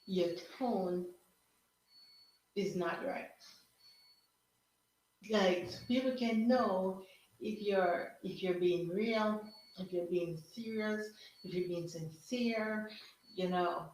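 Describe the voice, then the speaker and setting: A woman hosting a podcast, musing in casual solo talk and tagging her points with rhetorical questions. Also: medium pitch. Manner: reflective, asks rhetorical questions with frequent "right?". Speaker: podcast host. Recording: very echoey room.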